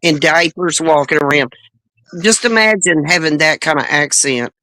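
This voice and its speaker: A speaker in a casual group chat who talks haltingly, repeating words and restarting sentences. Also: mid-range voice, sharp tone, no echo. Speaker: chat panelist.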